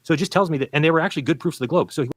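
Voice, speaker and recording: A man who used to be a flat earther arguing in a debate, explaining insistently and acting out what other people say. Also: a little high, no echo. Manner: rapid, insistent explaining with quoted voices. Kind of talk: debate argument played from a recorded stream.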